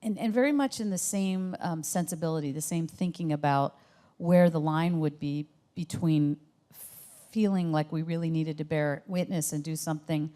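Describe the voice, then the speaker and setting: A woman's voice: low-pitched, moderate pace, warm tone. A woman film director answering interview questions, speaking thoughtfully with frequent fillers and restarts. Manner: thoughtful, hesitant with many fillers. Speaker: documentary director. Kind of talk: interview conversation.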